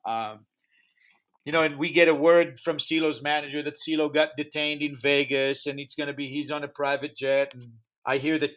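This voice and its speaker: A man's voice: a little high, normal speed. A man who speaks English as a second language, telling a story in a podcast interview and acting out the voices of the people in it. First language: not English. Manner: animated storyteller acting out dialogue. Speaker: music festival founder, guest.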